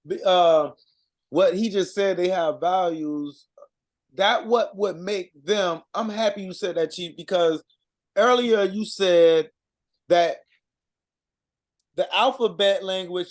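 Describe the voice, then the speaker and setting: Slow, halting man, fairly high voice. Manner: halting, sounds out words, many fillers. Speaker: co-presenter reading out vocabulary. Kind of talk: informal language lesson.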